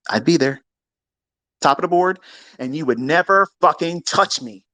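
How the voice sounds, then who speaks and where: A man ranting crudely and mockingly as a trading educator, swinging from low mutters to loud outbursts. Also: expressive, normal speed, long pauses, no room sound. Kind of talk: profane rant.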